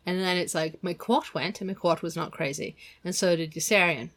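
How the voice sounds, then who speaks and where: A woman's voice: on the low side, moderate pace. A woman talking casually and thoughtfully about a novel's chapter, with some hesitation. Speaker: book club co-reader. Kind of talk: casual book discussion.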